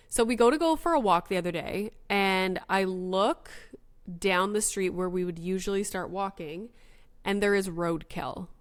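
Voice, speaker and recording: Woman podcast host, casual solo chat; rambling and filler-heavy, middle pitch. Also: smooth. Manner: chatty and rambling, heavy use of filler words.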